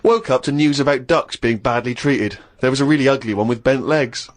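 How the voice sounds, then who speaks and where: A man co-hosting a comedy chat show, reading a diary aloud in a deadpan way. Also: medium pitch, a little fast. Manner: deadpan reading, breaking into laughter.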